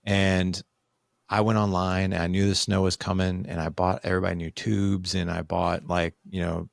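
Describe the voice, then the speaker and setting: Gravelly low-voiced man telling a story. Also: moderate pace, dry recording, clean studio sound. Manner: candid, animated, acts out quoted dialogue. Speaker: podcast guest. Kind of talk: casual storytelling in conversation.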